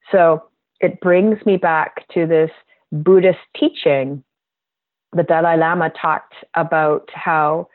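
A woman health practitioner telling a heartfelt story about a patient in a gentle, earnest way. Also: lowish voice, dry recording. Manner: slow, gentle and earnest, emotional at times. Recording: tinny phone-like line, dry.

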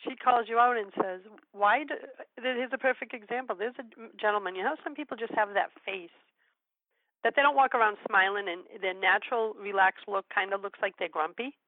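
An older woman hosts a radio talk show, chatting gently and telling stories in an encouraging way. Her voice comes through a thin, phone-like line with no room sound around it. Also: mid-range voice, fairly quick, no echo. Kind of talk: casual interview chat.

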